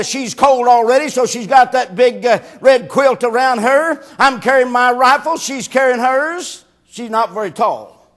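A man preaching a sermon, telling a folksy story and rising into shouted preaching. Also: very high-pitched.

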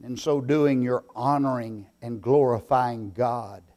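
A man preaching a sermon, slow and deliberate, swelling into loud emphatic bursts. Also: medium pitch.

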